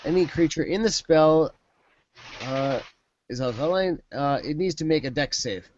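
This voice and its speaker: A man's voice: fairly high pitch, animated, a little slow, darkish tone, muffled recording, a little hiss or hum. A man playing a tabletop game, chatting casually over a voice call, joking and stammering at times. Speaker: player.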